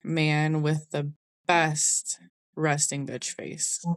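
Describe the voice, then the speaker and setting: A woman's voice: low voice, flat delivery, extremely slow, dry recording. A young adult woman hosting a podcast, telling a personal story in a candid, conversational way. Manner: candid, conversational, Southern 'y'all'. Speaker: podcast host.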